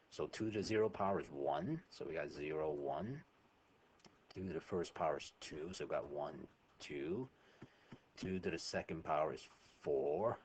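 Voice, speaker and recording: A man's voice: rumbling low, a little hiss or hum. A man teaching a math lesson over a screen recording, chatty and informal, often checking in with "right?".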